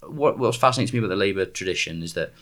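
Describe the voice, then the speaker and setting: A young man hosting a casual political chat, animated and full of excited restarts. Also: low-pitched, rapid-fire. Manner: animated, stumbling restarts when fired up.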